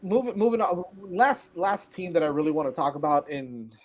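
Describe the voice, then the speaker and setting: Rambling laid-back podcast host. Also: male voice, fairly high pitch, expressive, moderate pace. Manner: rambling, filler-heavy, laughing. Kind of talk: casual sports chat.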